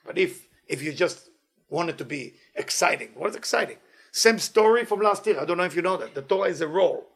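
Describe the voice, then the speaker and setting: A man giving a weekly inspirational Torah talk as a teacher, animated and playful, in non-native English phrasing. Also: on the high side, gravelly, breathy edge.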